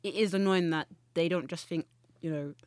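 A woman's voice: on the low side, normal speed, a little mellow, no room sound, studio quality. A young woman, chatting as a podcast guest, telling rambling stories and correcting herself as she goes. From Nigeria. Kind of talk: casual chat.

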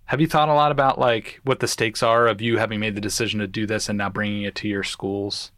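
A man's voice: lowish voice, flat delivery, fast, fairly bright tone, dry recording, clean studio sound. A man hosting an interview, speaking reflectively and asking thoughtful questions. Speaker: host. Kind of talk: interview conversation.

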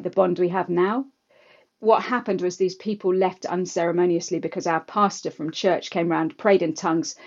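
Woman guest, low-ish voice, lively anecdotal storyteller, slightly dull lo-fi sound. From England, London. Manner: lively, anecdotal, quick asides. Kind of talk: casual storytelling interview.

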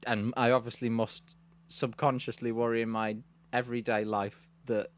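A man's voice: medium pitch, little pitch movement, normal speed. A man co-hosting a podcast, talking in a casual, dry, self-deprecating way. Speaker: podcast co-host. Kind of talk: casual chat.

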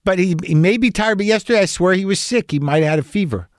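A man's voice: sits high, fast, dry recording, studio quality. A man telling a rambling, anxious story in a casual monologue, swearing and restarting often, as a podcast host.

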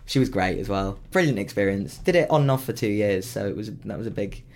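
A young man, a musical theatre performer, chatting casually and telling animated stories. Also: fairly quick. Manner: animated storytelling with big pitch leaps. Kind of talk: casual chat.

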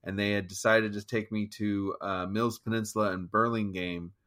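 Guy w a lowish voice telling a long story in an interview, keeps restarting and quoting himself. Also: flat delivery, a bit bright. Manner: halting, restarts, quotes his own thoughts. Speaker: guest musician. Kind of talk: conversational storytelling.

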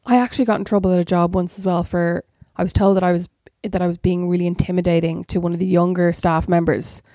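A woman in her thirties co-hosts a podcast, rattling off stories at a quick clip. She is candid and self-mocking, swearing freely. Her voice sits close and dry, with no room around it. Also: lowish voice, fairly even intonation, warm tone, no echo. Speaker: podcast co-host. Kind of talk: casual sisters' chat.

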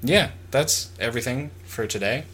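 A man's voice: medium pitch, moderate pace, fairly bright tone, slightly rough. Laughing male podcast co-host. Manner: laughing, playful banter. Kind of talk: casual chat.

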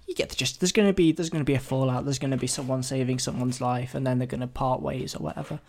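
A man hosting his own podcast talks through ideas off the cuff. He rambles, trips over his words and pokes fun at himself. His voice sits in an ordinary middle pitch. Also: quick pace, a little mellow. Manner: rambling, self-deprecating, thinks aloud with many restarts. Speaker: podcast host. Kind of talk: solo casual podcast brainstorming.

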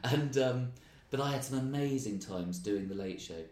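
A man with an English accent, a stand-up comedian telling animated, ranting stories in a casual interview chat. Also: medium pitch, normal speed. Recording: roomy, distant mic.

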